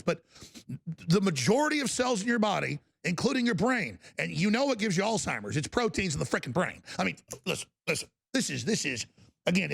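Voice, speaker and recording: A man's voice: high-pitched, gravelly, fairly bright tone. A man hosting a talk broadcast, ranting and mocking in an indignant way. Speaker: talk show host.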